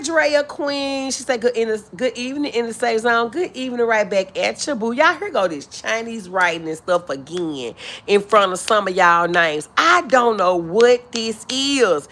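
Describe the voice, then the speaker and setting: A woman's voice: mid-range voice, a bit bright. Woman casually greeting livestream viewers. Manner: affectionate, drawn-out greetings, calls viewers honey and boo; frequent throat clearing. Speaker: livestream host. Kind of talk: casual live-stream chat, reading comments.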